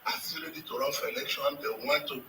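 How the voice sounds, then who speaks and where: A man giving his opinion in a measured, hesitant way in a played clip. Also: pushed and bright. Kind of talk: casual opinion. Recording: echoey, distant clip with faint noise.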